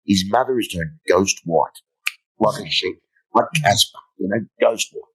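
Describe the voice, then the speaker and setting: A man's voice: lowish voice, moderate pace, fairly bright tone, husky, poor audio. A middle-aged man, a motivational speaker, telling blunt, humorous stories in an interview and swearing freely. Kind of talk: storytelling interview.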